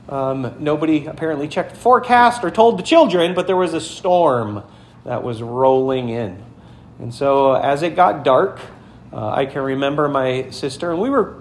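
A male pastor preaching a sermon in a conversational, storytelling way, speaking straight to his congregation. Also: high voice. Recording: echoey room, faint background ambience.

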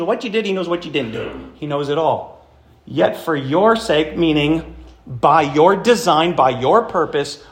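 A man preaching a sermon to a congregation in a church hall, animated and emphatic, often asking the room questions. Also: fairly high pitch. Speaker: pastor.

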